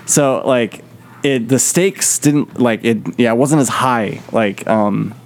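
A man co-hosts a podcast in relaxed, casual chat. His thoughts wander, and he leans on "like" and "um" as he works toward his point. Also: mid-range voice, slow. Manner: rambling, heavy use of "like" and "um". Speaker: podcast co-host. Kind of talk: casual movie review chat.

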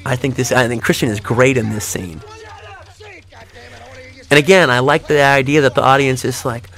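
Man, casual film commentary, mid-pitched voice, rambling, animated, acts out reactions. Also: normal speed, soft background music. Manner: rambling, with many fillers and restarts.

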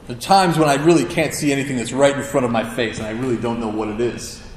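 A man's voice: mid-range voice, steady tone, fast talker, a little hiss or hum. A man preaching a sermon, telling stories in a casual, conversational way with self-deprecating humor. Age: adult with a child. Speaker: pastor. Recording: echoey hall with long reverb.

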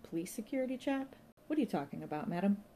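A woman reading an audiobook voices a brisk, officious male police inspector who talks in a formal, clipped, commanding way. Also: mid-range voice, animated, mellow, a little hiss or hum, pitched above the performer's own voice, natural voice.

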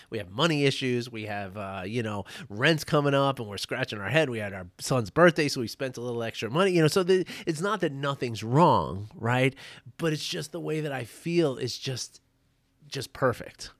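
Casting: man, 30s-40s, chatty meditation teacher, middle pitch, dry room. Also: no echo. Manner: chatty, many "right?" tags and self-restarts. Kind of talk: casual motivational talk.

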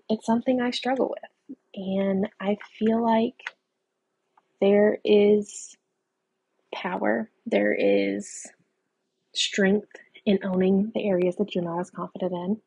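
A woman's voice: mid-range voice, mellow, breathy edge, no echo. A woman hosting her own podcast, talking earnestly and encouragingly to listeners, with self-deprecating asides. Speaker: podcast host. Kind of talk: solo podcast talk.

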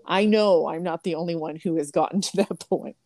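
A woman hosting a podcast interview, chatty and quick to laugh, sharing personal examples. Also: fairly low pitch, warm tone, dry recording, studio quality. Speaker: podcast host.

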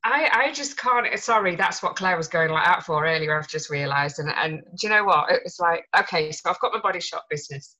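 Bubbly woman with a bright voice. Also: sits low, fast talker, hardly any pauses, poor audio. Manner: bubbly, jokey, laughs often. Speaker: podcast guest, small business owner. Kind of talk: casual chat.

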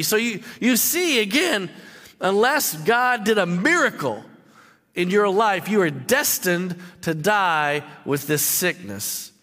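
A man's voice: high-pitched, animated, a little slow, pushed and bright. A man preaching a sermon, emphatic, repeating and stumbling over words as he stresses his points. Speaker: pastor. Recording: long hall reverb.

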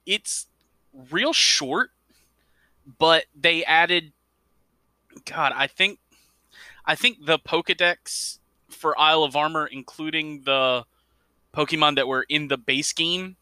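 A man with a very bright, slightly high voice talks games on a podcast. He rambles a little and corrects himself mid-thought. His voice sounds close and dry. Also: clean tone, no echo. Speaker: podcast co-host. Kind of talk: casual gaming podcast chat.

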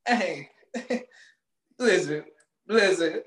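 A man co-hosting a podcast, ranting loudly with swearing and frequent laughter, speaking. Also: high-pitched, normal speed, reverberant. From Maryland, USA. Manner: loud, animated, swearing, laughing often. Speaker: podcast co-host. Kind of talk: casual comedic rant.

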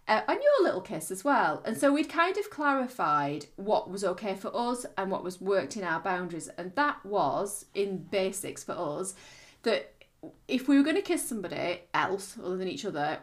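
A woman's voice: medium pitch, very animated. A middle-aged woman co-hosting a podcast, talking frankly and casually with her husband. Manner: frank, chatty, quick to laugh. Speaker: podcast co-host. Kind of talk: candid casual chat.

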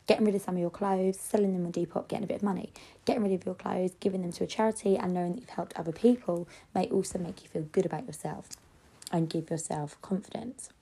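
A woman's voice: mid-range voice, dark tone, breathy edge. A young woman hosting a solo advice podcast, chatty and frankly encouraging. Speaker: podcast host.

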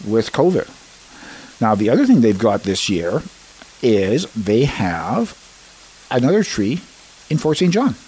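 A man behind a community radio microphone, reading local notices and then drifting into loose, rambling chat. He pauses with fillers and restarts sentences as he goes, in an ordinary mid-range voice. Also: mid-range voice, sing-song, a little mellow, breathy edge, poor audio. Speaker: radio host. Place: radio studio.

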